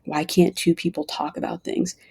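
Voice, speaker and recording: Woman, low-pitched and gravelly, casual confessional vlog delivery. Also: little pitch movement, normal speed, darkish tone. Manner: earnest, rambling, heavy use of "like". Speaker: vlogger. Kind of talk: casual personal vent vlog.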